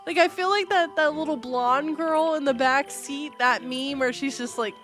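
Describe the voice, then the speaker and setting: A woman's voice: high voice, moderate pace, fairly bright tone, soft background music. A young woman streaming a game, chatting casually, laughing constantly and swearing freely. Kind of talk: casual live-stream chat while gaming.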